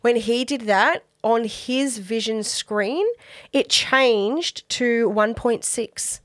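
A chatty Australian woman co-hosts a podcast, talking casually with quick asides and little laughs. Her voice is dry and close, with no room sound. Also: on the high side, fairly bright tone, no room sound. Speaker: podcast co-host. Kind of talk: casual chat.

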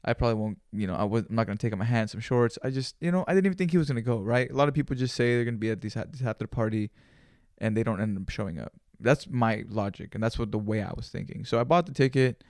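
Gravelly man telling a slangy story. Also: medium pitch, fast, dry recording, studio quality. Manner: animated, profane and slangy, sprinkling in Spanish words. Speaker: podcast host. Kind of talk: casual storytelling monologue.

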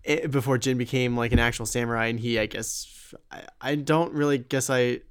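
Brief: male podcast co-host, smooth clear voice, laid-back game chat. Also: medium pitch, moderate pace. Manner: relaxed, agreeable, thinks aloud with restarts. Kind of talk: casual video game discussion.

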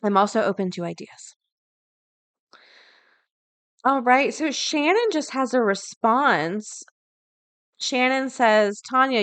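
A woman hosting a daily podcast, chatting casually and reading an article aloud, thinking out loud as she goes. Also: medium pitch, no echo. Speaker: podcast host.

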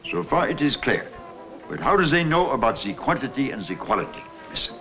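Old movie scientist, explains bees slow and stilted, dull old film sound w light music. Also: male voice, medium pitch, sing-song. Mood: explaining. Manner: halting, explanatory, stilted foreign-sounding phrasing. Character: elderly male scientist decoding bee language. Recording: dull film clip audio with faint music.

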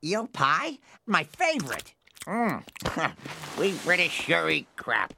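A man's voice: a little high, huge pitch swings, takes it slowly, creaky, background noise, heavily acted. A man voicing a pompous, dim-witted police chief in a cartoon, in a lazy, blustering manner. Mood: smug. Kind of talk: cartoon voice acting.

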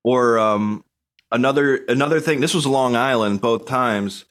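A man's voice: mid-range voice, unhurried, a bit bright. A man telling casual stories on a podcast, laid-back and meandering, often correcting himself as he goes. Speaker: podcast guest. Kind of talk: casual storytelling.

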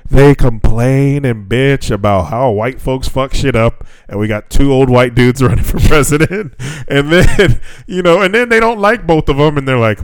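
A man's voice: medium pitch, normal speed, hardly any pauses, clear, resonant tone, no room sound. A man co-hosting a casual podcast, ranting with lots of swearing and laughter. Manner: profane, ranting, laughs often. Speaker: podcast co-host. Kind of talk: casual chat.

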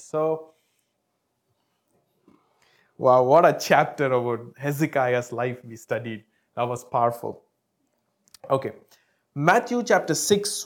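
A pastor preaching a sermon, telling a testimony and praying, with sudden jumps between loud and soft phrases. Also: male voice, mid-range voice. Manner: storytelling with sudden swings in loudness, calling out "come on now".

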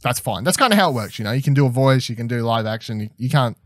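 A man's voice: mid-range voice, lively intonation, fast, dry recording, studio quality. A young man chatting casually as a podcast co-host, enthusiastic and rambling, with plenty of fillers and restarts. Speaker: podcast co-host reviewing a TV episode. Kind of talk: casual chat.

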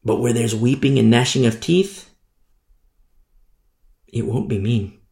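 Gravelly, emphatic preaching man in echoey room. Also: mid-range voice, fairly even intonation, measured pace, a little mellow. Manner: emphatic preaching with repetition, mocking voices of hypocrites. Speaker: pastor. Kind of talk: sermon.

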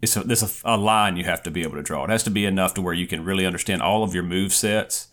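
A man co-hosting a casual gaming podcast, talking in an unhurried way and thinking out loud. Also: low voice. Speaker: podcast co-host. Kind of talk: casual chat.

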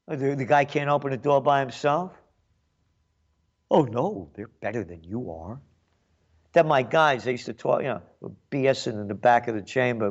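A man delivers a ranting commentary monologue, sarcastic and mocking. He swings from loud jabs to muttered asides in a mid-range voice. The recording sounds dull and lo-fi. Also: medium pitch, animated, normal speed. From New York. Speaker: commentary show host.

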